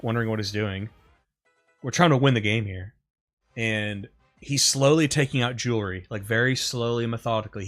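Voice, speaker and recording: A man streaming gameplay, telling stories in a rambling, profane way full of fillers. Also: mid-range voice. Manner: rambling, profane, animated retelling with frequent fillers. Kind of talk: casual storytelling over gameplay.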